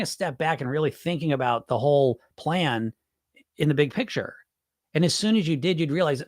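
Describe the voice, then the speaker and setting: A man's voice: on the high side, animated, a little fast, a little mellow, no echo, studio quality. A man who coaches weight loss through hypnosis, hosting a casual live chat in which he answers viewers' comments, speaking candidly, swearing freely and repeating himself.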